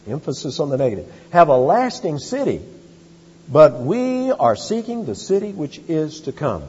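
A man preaching a sermon as pastor, with animated emphasis and quick asides. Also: a little high, husky. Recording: dull, lo-fi sound with long hall reverb.

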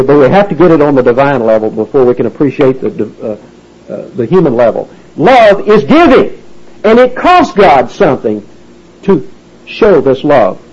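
A man preaches through a Bible verse in slow, careful detail, spelling out words and leaning hard on each key term. His fairly high voice swoops up and down with emphasis. The recording is dull and lo-fi. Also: a little mellow, slightly rough. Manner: deliberate, stresses single words with rising pitch, spells words out. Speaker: Bible teacher.

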